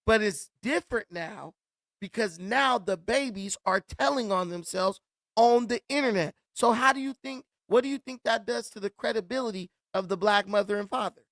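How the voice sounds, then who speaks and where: A man's voice: sits high, moderate pace, a bit bright, no room sound, studio quality. A man hosting his own commentary channel, speaking in a blunt, slangy, emphatic monologue with storytelling and a repeated refrain.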